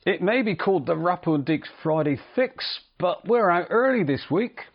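A man's voice: high-pitched, expressive, moderate pace, vocal fry, lo-fi sound. A man hosting a podcast in casual chat, self-deprecating and stumbling over his words. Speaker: podcast host.

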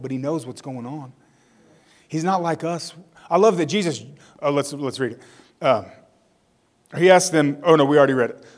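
A male pastor preaching a sermon. He reads scripture aloud, tells it as a story with casual asides, and leads a prayer. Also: a little high.

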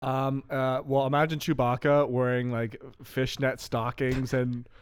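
A man's voice: medium pitch, flat delivery, a little slow, smooth, dry recording, clean studio sound. A man co-hosting a casual comedy podcast, teasing and playful, swearing freely. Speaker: podcast co-host.

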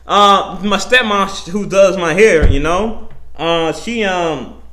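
A young man hosting his own podcast, talking in a rambling, profane, animated way, full of slang and self-interruptions. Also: high-pitched, takes it slowly, a little hiss or hum. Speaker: podcast host. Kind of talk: casual solo podcast monologue.

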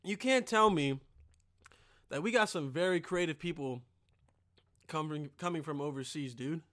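A man's voice: a little high, moderate pace, a bit bright. A young man hosting a podcast, rambling and joking with lots of swearing. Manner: rambling, profane, jokey. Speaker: podcast host. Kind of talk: casual podcast monologue.

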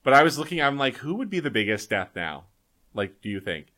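A man's voice: mid-range voice, sing-song, fairly quick, pushed and bright. A man co-hosting a casual podcast, rambling loosely and swearing casually. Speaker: podcast co-host.

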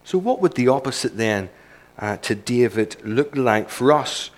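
A man's voice: mid-range voice, lively intonation, unhurried. A man preaching a sermon in a church service, earnest and emphatic, building his points through repetition.

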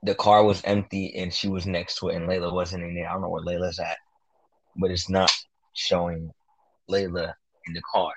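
A young man co-hosting a casual podcast, talking excitedly and boasting, full of slang, about calling his predictions. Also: deep voice, normal speed, slightly rough, poor audio. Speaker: podcast co-host.

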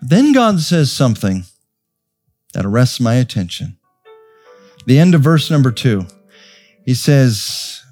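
A man preaching a sermon as pastor of a church, slow and emphatic, rising to strong peaks as he calls out to his congregation. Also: mid-range voice, very animated. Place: church sanctuary. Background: soft piano.

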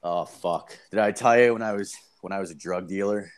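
A man's voice: low voice, fairly quick, clear, resonant tone. A young man telling a story in casual chat, rambling and swearing with lots of fillers.

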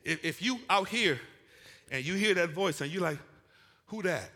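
Bright-voiced preacher in a reverberant hall. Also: male voice, high-pitched, lively intonation, normal speed. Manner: call-and-response preaching, builds to shouting. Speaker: pastor. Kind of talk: sermon. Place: church sanctuary.

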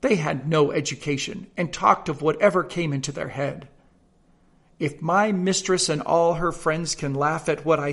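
A self-satisfied storybook parrot, put on by a man reading aloud, lecturing the other birds and bursting into shrill, loud squawks. The voice stays high with a gravelly rasp. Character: smug, boastful pet parrot, male.

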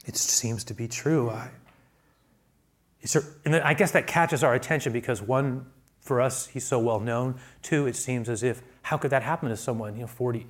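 A man preaching a sermon as pastor, who often restarts his phrases and swings between quiet asides and loud, raised emphasis. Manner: builds to loud, high-pitched emphasis, then drops to quiet asides; repeats words and restarts phrases.

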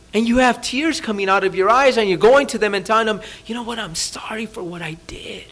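A pastor preaching to his congregation in a relaxed, conversational way. His voice sits high for a man and moves a great deal in pitch. He keeps asking his listeners questions and sometimes sinks almost to a hush for emphasis. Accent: Californian. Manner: conversational, asks the audience rhetorical questions; drops to a soft, hushed voice for emphasis. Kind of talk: sermon. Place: church.

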